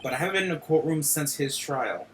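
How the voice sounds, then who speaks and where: A man's voice: fairly high pitch, animated, quick pace, fairly bright tone, a little hiss or hum, rough recording. A man reading the lines of a nervous young male defense lawyer from a game, subdued and earnest.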